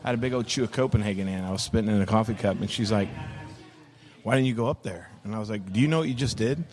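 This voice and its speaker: A man's voice: on the low side, fast, darkish tone. A middle-aged pastor with a Texan accent, telling his story frankly in casual table talk. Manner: frank, earthy storytelling with acted-out quotes.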